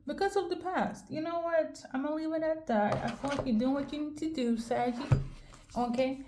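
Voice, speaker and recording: Woman card reader with a higher-pitched voice, talks straight to the viewer in a loose, candid, chatty way. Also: brisk, dark tone, a little hiss or hum. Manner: chatty, addresses viewer directly, frequent "okay?" check-ins; conversational and candid, occasional swearing. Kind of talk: casual intuitive card reading to camera.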